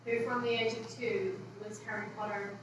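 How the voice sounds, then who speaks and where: A woman's voice: mid-range voice, flat delivery, moderate pace. A woman, an audience member asking the speaker a hesitant question. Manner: hesitant, conversational. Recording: distant voice, echoey room with noise.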